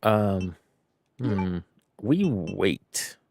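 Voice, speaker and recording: Chatty male game streamer, lively pitch. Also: very slow, vocal fry, noisy background. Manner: rambling, self-correcting, chatty. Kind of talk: casual gameplay commentary.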